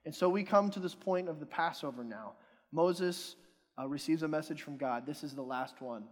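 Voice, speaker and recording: A man from Pennsylvania preaching a sermon, animated and quizzing the congregation, swinging from soft to loud. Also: on the high side, normal speed. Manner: animated, rising and falling in loudness, asks the congregation questions. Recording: long hall reverb.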